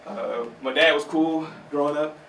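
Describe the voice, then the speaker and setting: A man's voice: a little high, steady tone, normal speed, vocal fry, fairly bright tone, recorded from a distance, slight background noise. A man doing a stand-up set at an open mic, talking conversationally to the crowd and laughing at his own jokes, recorded in a roomy small theater from afar. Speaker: stand-up comedian.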